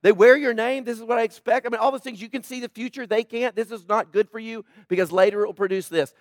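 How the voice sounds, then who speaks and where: A pastor preaching a sermon with passion, swinging between loud emphatic lines and soft, intimate asides. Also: male voice, extremely high pitch, steady tone, quick pace, no room sound, studio quality.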